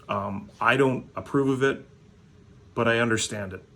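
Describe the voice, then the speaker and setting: A man's voice: medium pitch, moderate pace, gravelly, fairly bright tone. A man from Manitoba, Canada, hosting a hockey card vlog in a blunt, profane, rambling rant full of fillers.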